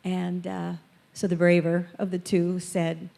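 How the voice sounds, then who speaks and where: A woman speaking at a church, telling lively personal stories and acting out the people she quotes. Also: lowish voice, measured pace, gravelly. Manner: animated storyteller, acts out quoted voices. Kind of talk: storytelling testimony talk.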